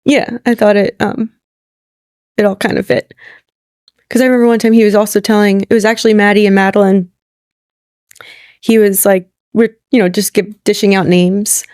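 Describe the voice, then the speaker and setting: A woman's voice: mid-range voice, level tone, moderate pace, long pauses, a little mellow, no room sound, studio quality. A young adult woman, an interview guest, telling a personal story in a chatty way, acting out what people said and laughing often. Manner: chatty, acts out quotes with "I was like", laughs often.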